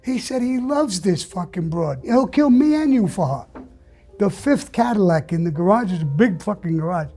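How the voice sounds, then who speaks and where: A man being interviewed, telling a story bluntly and profanely in a casual, animated way. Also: high-pitched, moderate pace, faint music behind. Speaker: interview guest.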